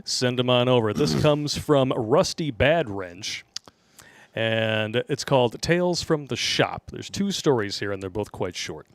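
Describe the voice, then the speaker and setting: A man's voice: medium pitch, lively intonation, a little slow, no room sound. A man hosting a casual live show, reading listener emails aloud in a laid-back way with many fillers. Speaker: podcast host.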